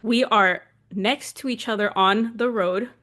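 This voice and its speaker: A woman in her twenties from Southern California, co-hosting a podcast and telling a story in a casual, animated way, full of "like" fillers. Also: fairly high pitch, unhurried. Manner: animated, chatty, heavy use of "like" fillers. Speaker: podcast co-host.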